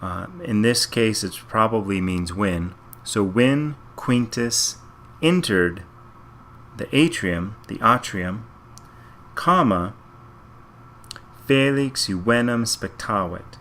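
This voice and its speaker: A man's voice: on the low side, animated, takes it slowly, fairly bright tone, slight background noise. A man teaching Latin, working through a reading passage sentence by sentence and thinking aloud in a methodical way. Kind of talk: slow step-by-step translation walkthrough.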